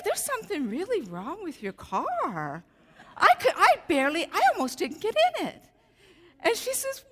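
Woman telling stories in an echoing church. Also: very high voice. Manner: animated storytelling with self-deprecating humor. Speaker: guest speaker at a church service. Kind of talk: storytelling sermon. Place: church sanctuary. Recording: reverberant church hall.

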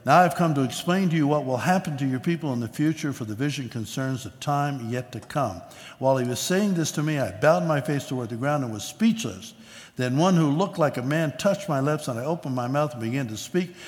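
A man's voice: mid-range voice, lively intonation, fairly quick. A man preaching a sermon as pastor, reading scripture aloud and explaining it in a conversational way with asides. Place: church sanctuary. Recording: long reverb of a large hall.

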